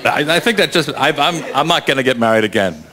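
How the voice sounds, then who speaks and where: A man's voice: medium pitch, animated, fast talker, pushed and bright, some chatter behind. A middle-aged man who directs, bantering and teasing on a convention press panel. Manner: joking and teasing.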